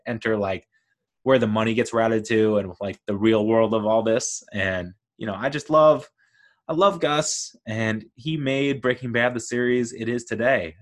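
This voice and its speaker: A man hosting a solo podcast, talking through his thoughts in an enthusiastic, rambling way. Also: fairly low pitch. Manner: enthusiastic, rambling, lively storytelling. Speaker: podcast host.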